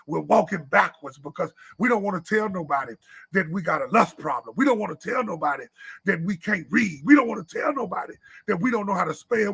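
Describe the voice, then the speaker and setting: A man preaches with fervor, repeating his lines and now and then rising to a shout. His voice is high, raspy and gravelly, with a bright, tense edge. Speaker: preacher at a men's church meeting. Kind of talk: sermon. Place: church live stream.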